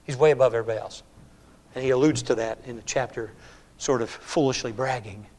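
Fast-paced and mid-range in pitch, a man preaches forcefully, circling back on the same words and phrases. He alternates between booming exclamations and lines dropped almost to a whisper.

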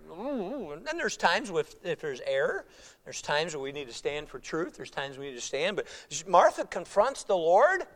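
A male preacher delivering a sermon and acting out voices in the quotes he tells. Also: a little high. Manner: animated, acts out voices in quotes.

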